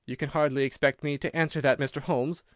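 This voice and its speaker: A man's voice: a little high, fairly even intonation, fast talker, no room sound, clean studio sound, close to an everyday voice. A man reading an audiobook, voicing a frightened, evasive heavyset man in a reedy, quivering voice. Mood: nervous. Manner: nervous, pleading. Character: nervous fat older man, frightened and evasive.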